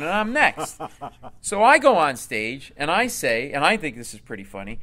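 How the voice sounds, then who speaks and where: A man, a comedian, telling a comic story in an interview in an animated way. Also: on the high side, moderate pace. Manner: animated, acts out voices. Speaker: comedian guest.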